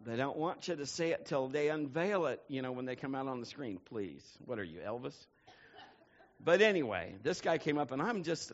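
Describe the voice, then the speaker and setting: A male pastor preaching a sermon, telling stories with lively energy and building to shouts. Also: medium pitch, muffled recording. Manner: animated storytelling, building to shouts.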